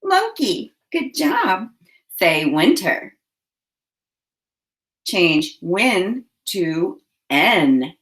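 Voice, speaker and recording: A woman teacher leading a phonics lesson for young children, giving slow, clearly enunciated prompts. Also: fairly low pitch, very animated, a bit bright.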